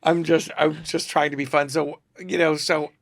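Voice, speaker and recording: A man's voice: a little high, normal speed, dry recording, clean studio sound. A man telling comic stories as a guest on a podcast, acting out the dialogue. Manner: animated storyteller who acts out quoted dialogue. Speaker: celebrity photographer, podcast guest. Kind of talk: comic storytelling in a podcast interview.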